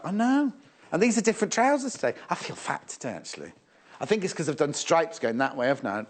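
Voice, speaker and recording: Middle-aged male TV sewing presenter, chatty and fussy, lively pitch, a touch higher than most men. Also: fairly quick. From England. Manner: chatty, fussing aloud, reading out viewer messages. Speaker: shopping channel presenter. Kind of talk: live sewing shopping TV chat. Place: TV studio.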